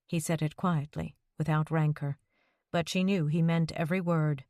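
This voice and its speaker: A woman reading an audiobook in measured scripted narration. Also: deep voice, steady tone, darkish tone, no echo, studio quality.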